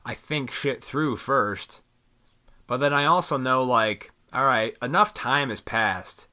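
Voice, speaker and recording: A man rambling in a casual venting monologue to his viewers, swearing freely and animated. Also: mid-range voice, takes it slowly, smooth. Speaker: vlogger.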